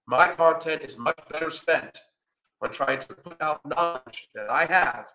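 A man's voice: on the high side, a little slow, pushed and bright, roomy sound. A man hosting a podcast, ranting in reaction commentary with a profane, combative and sarcastic manner. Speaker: podcast host.

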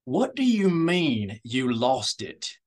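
A man voicing a tense male rebel contact who speaks low and quiet, holding back his anger. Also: big pitch swings, slow pace.

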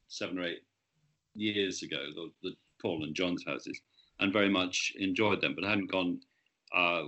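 A man's voice: low voice, pushed and bright, dull audio. A man, an author, talking about his book in an interview, hesitant with many restarts.

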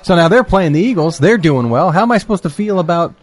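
A man chatting as a podcast guest in a bar, telling stories in a relaxed, self-deprecating way. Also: high-pitched, quick pace. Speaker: podcast guest, football reporter. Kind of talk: casual chat.

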